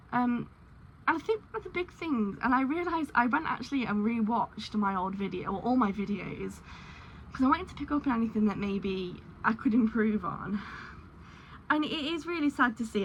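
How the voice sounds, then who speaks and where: A woman talks into the camera in a loose, candid vlog style, thinking aloud and filling gaps with ums. Her voice sits slightly higher than most women's. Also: slight background noise, low-quality recording. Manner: rambling and candid, many ums. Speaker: crochet vlogger. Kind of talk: casual vlog chat.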